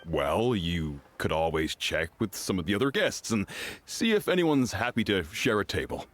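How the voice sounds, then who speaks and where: A man's voice: low-pitched, expressive, moderate pace, a bit bright, a little hiss or hum. A man voicing a courteous, apologetic restaurant worker in a game. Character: polite male restaurant staffer. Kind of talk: game voice acting.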